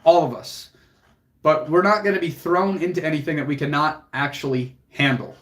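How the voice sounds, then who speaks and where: His voice is on the high side and a bit bright, moving at a normal speed. As a fitness coach hosting a livestream, this young man speaks to his viewers with sincere feeling, offering casual, profanity-laced motivation.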